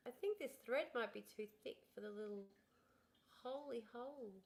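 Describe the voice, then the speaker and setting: A young woman talks to her livestream viewers in a chatty, frank way, with a voice that sits a touch higher than most. She swears casually and speaks close to a desk streaming mic at home. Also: moderate pace, vocal fry. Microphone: desk streaming microphone.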